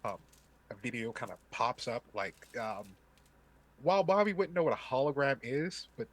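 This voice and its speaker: A man's voice: medium pitch, expressive, normal speed, fairly bright tone. A man narrating a tabletop game as game master, casual and full of fillers.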